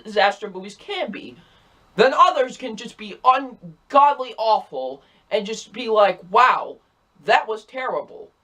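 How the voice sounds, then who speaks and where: A man's voice: sits high, a bit bright. A young man reviewing movies in a casual, rambling and exasperated way, repeating himself often. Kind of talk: casual ranking video.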